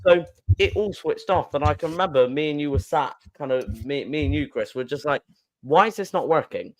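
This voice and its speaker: A man co-hosting a podcast, telling a story in an excitable way, laughing and restarting often. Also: fairly high pitch, brisk. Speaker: podcast co-host. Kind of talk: casual storytelling chat.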